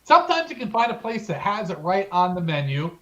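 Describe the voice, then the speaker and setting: This man co-hosts a casual podcast and his voice sits high for a man. The recording is slightly dull and muffled. He gets excited about the subject and stretches out his exclamations. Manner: excitable, relishing food talk with drawn-out exclamations. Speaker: podcast co-host. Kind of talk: casual chat.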